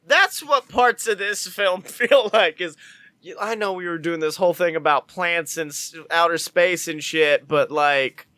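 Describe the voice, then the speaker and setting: Bright-voiced man, dry close sound. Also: high-pitched, measured pace, clear, resonant tone, no room sound. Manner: loose and profane, laughs often. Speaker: podcast co-host. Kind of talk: casual chat.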